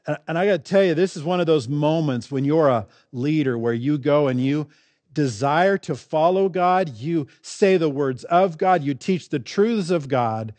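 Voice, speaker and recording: A man delivers a sermon in a voice pitched a little above most men's. He sounds earnest and keeps asking his listeners questions. The sound is dry, with no room echo. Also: a little mellow. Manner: earnest, asks many rhetorical questions. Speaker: pastor.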